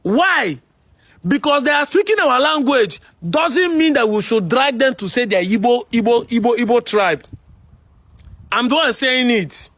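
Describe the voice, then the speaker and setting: A man with a Nigerian accent delivering a heated commentary monologue, combative and full of rhetorical questions, shouting at times. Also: very high-pitched, animated, moderate pace, dry recording. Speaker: commentary video host.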